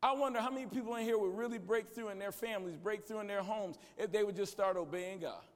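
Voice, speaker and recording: A man preaching a conference sermon in a church, calling out to the congregation, shouting at peaks and dropping low and quiet in between. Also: fast talker. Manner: preaching with call-and-response to the congregation. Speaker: guest preacher. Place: large church sanctuary. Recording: echoey church hall.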